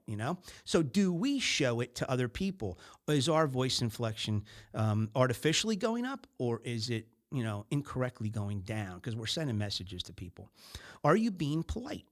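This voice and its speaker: A man's voice: mid-range voice, sing-song, moderate pace. A middle-aged man hosting a podcast in a casual business-talk style, who acts out little scenes in other voices. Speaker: podcast host.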